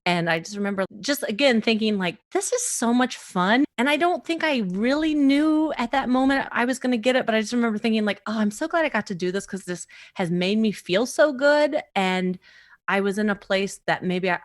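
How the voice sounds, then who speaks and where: A woman comedian from the East Coast of the US, pitched on the high side and talking a little fast, shares a story in a casual podcast interview. Lively throughout, she laughs often and acts out the voices of those she quotes.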